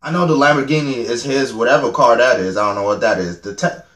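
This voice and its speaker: A man's voice: mid-range voice, fast talker, a bit bright, echoey room. A young man reacting to a music video, chatting in a rambling, self-mocking way and laughing at himself often. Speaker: reaction vlogger. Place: home room.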